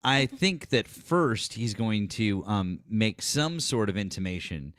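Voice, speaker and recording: A man's voice: on the low side, animated, slow, fairly bright tone, dry recording, studio quality. A man hosting a casual political livestream, explaining points wryly and thanking viewers by name. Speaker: livestream host.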